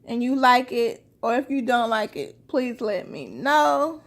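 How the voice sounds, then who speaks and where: A woman's voice: fairly high pitch, very animated. A woman vlogger giving a casual taste test and often addressing viewers as "you guys", with eating sounds between her remarks. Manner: talks while eating, with drawn-out "mm" sounds. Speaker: vlogger reviewing a snack.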